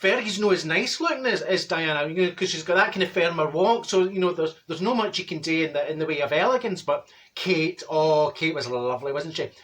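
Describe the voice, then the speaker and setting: A man's voice: on the high side, a little fast, fairly bright tone, natural voice. Brief: middle-aged Glaswegian woman, man in drag voice, straight-talking gossip, blunt comic monologue. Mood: gossipy. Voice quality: chatty, blunt, gossipy storytelling. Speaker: comedy character monologue.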